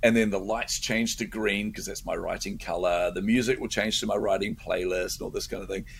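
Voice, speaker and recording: A middle-aged man speaks as an interview guest in a low, gravelly voice. He tells stories with lively energy, often laughing and stumbling over repeated words. A faint hiss sits under the recording. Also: fairly quick. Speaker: guest entrepreneur. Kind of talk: casual interview chat.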